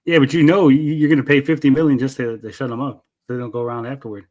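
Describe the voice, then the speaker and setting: A man's voice: medium pitch, fairly even intonation, fast talker, darkish tone, dull audio. A man in casual podcast chat, laid-back, blunt and joking. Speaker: co-host.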